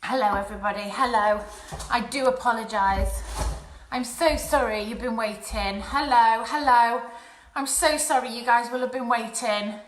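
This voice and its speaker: A woman's voice: a little high, moderate pace, roomy sound, low-quality recording. A young woman presenting a live craft session for children from her home, chatty and apologetic. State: out of breath. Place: home, indoors. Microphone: phone or webcam livestream.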